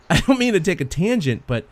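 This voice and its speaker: A man co-hosting a sports podcast, an animated storyteller who laughs often in casual chat. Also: on the high side, a little slow, crowd noise. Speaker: podcast co-host.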